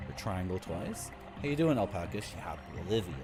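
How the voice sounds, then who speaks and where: A man's voice: low-pitched, very animated, moderate pace. A man streaming a video game, casually commenting and joking with his chat. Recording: game music behind voice.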